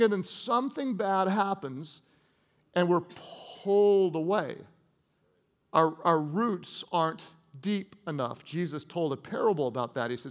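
Man, pastor, sermon, high-pitched voice, dynamic delivery, shifts from loud to hushed. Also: normal speed. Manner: dynamic preaching, swinging from loud emphasis to hushed intensity; conversational storytelling with humor.

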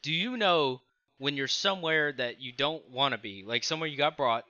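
A man's voice: fairly high pitch, moderate pace, bright, forceful tone, no echo, highs cut off. A man guesting on a podcast, talking in a rambling, profane way that trails off mid-thought. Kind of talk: casual chat.

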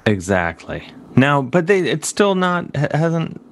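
A man's voice: on the high side, big pitch swings, slow pace. A man from Cleveland hosting a comedy show, asking playful, teasing questions. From Cleveland, USA. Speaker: host. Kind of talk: casual comedic chat.

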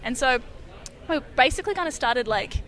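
A woman's voice: sits high, expressive, normal speed, a bit bright. A young woman with a New Zealand accent, a startup co-founder chatting upbeat and casually as an interview guest.

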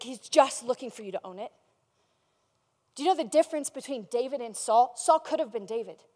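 A woman pastor preaching a sermon, retelling Bible scenes in a lively, casual way with slang and acted-out dialogue. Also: high voice, in a large hall.

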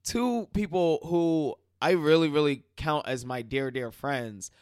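A man co-hosting a casual talk show, laughing often and getting animated when he tells a story. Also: fairly high pitch, unhurried, no echo, clean studio sound. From Caribbean. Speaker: podcast co-host. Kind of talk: casual chat.

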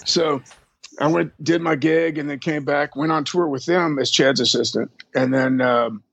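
A man's voice: fairly high pitch, steady tone, moderate pace, vocal fry, a bit bright, breathy edge, dry recording, highs cut off. A man, a drum tech, telling rambling, profane stories in a casual interview and acting out the people he quotes. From Texas.

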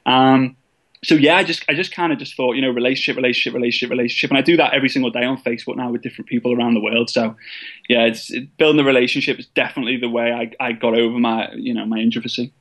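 A man's voice: medium pitch, steady tone, very fast, fairly bright tone. A younger man being interviewed, telling his story in a casual, self-deprecating way with frequent restarts. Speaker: guest, network marketer.

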